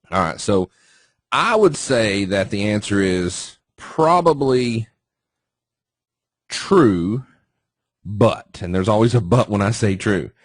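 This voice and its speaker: A man leads a trading webinar in a relaxed, chatty way. He asks his listeners questions and polls them. His voice sits low, and the sound is dry and close. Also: no echo. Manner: conversational, asks the audience questions. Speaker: trading educator. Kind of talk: casual webinar teaching.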